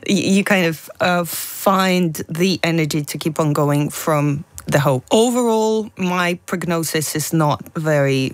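A woman in her forties from Russia with a Russian accent, a guest talking quickly in a casual interview, full of fillers and restarts. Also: low-pitched, no room sound. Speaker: guest, anti-war activist.

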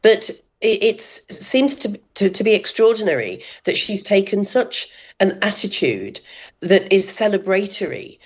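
A woman speaking as a guest on a talk radio show, earnest and indignant, with a slightly halting delivery. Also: mid-range voice, big pitch swings, breathy edge.

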